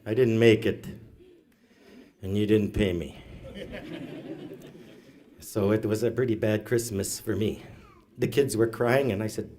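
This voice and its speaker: A man, a stand-up comedian telling stories on stage with deadpan asides. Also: medium pitch, normal speed. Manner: storytelling, deadpan asides, laughs at own jokes. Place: live event hall, audience.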